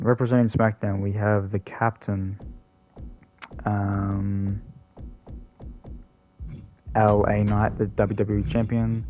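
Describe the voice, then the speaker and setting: A man's voice: lowish voice, lo-fi sound. A man hosting a gaming channel, giving rambling, casual commentary full of ums and self-corrections.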